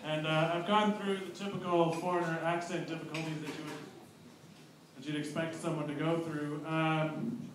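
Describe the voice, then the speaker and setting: A man's voice: on the high side, flat delivery, normal speed, noisy background. Rambling stand-up man in a roomy club. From abroad, living in New Zealand a year. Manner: rambling, self-mocking, loose with fillers. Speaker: stand-up comedian. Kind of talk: stand-up comedy set. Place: comedy bar stage. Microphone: handheld stage mic. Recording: roomy club sound from far off.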